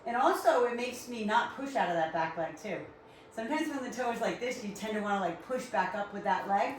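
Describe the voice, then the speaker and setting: A woman's voice: mid-range voice, slight background noise. A woman with a Rhode Island accent coaching a live workout class, upbeat and encouraging as she counts reps. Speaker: fitness instructor. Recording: very echoey room, far from mic.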